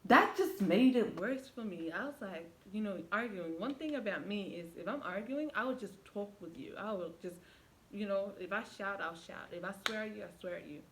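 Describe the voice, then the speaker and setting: A woman's voice: mid-range voice, normal speed, a little hiss or hum, rough recording. A young woman vlogger retelling a past relationship as a casual story, acting out quoted lines with lots of fillers. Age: young adult. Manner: animated retelling with quoted dialogue, many fillers. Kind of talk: storytime vlog.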